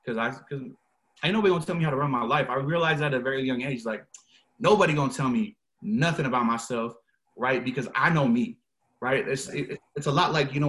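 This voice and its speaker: A young man, a guest on a podcast, talking in a relaxed, slangy and emphatic way. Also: mid-range voice. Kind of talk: casual conversation.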